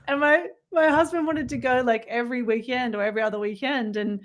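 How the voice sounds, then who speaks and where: Woman chatting on a spiritual podcast, meandering, lots of "you know" and "like", thinking out loud. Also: fairly high pitch, expressive, brisk. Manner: rambling, reflective, many fillers and restarts. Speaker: podcast co-host. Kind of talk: casual spiritual chat.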